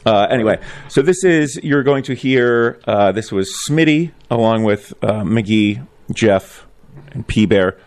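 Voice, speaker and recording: A man's voice: on the low side, animated, slow, a little mellow. A man co-hosting a live community radio show, joking and riffing in casual banter. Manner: joking, riffs with mock voices.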